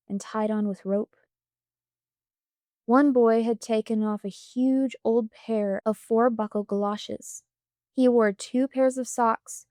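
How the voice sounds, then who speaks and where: A woman reading a storybook audiobook aloud in a calm, measured way on a close microphone. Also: fairly high pitch, no room sound. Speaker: audiobook reader.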